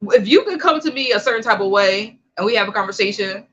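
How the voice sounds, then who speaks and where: A podcast co-host in casual chat, frank and opinionated, chiming in with quick agreement. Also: mid-range voice, expressive, a bit bright, dull audio.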